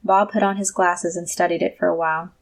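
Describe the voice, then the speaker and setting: A woman narrates a first-person story in the even manner of an audiobook reader. Her voice sits low, with a gravelly, fry-touched texture. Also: brisk.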